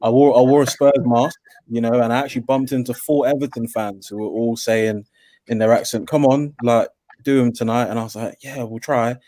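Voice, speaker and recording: A man's voice: mid-range voice, steady tone, fairly quick, warm tone, no room sound. A man telling a casual story on a podcast with a dry, understated delivery. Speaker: podcast guest.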